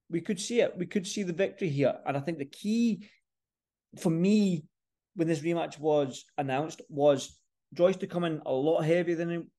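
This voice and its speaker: A man's voice: fairly high pitch, darkish tone. A man talking casually to camera as a boxing vlogger, chatty and repeating words and phrases for emphasis. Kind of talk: casual fight-preview talk to camera.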